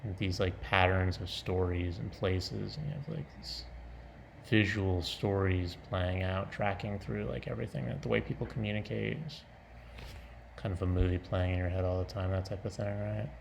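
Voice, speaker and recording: Rambling man with a gravelly low voice. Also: level tone, normal speed, slight background noise. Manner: rambling, self-interrupting, laughs often. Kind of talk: casual vlog monologue.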